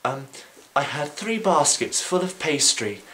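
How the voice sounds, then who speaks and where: A man's voice: a little high, big pitch swings, measured pace, bright, forceful tone, pitched above the performer's own voice, full character voice, low-quality recording. A man voicing a complaining male baker in prison, in a raised, whining voice. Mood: whiny.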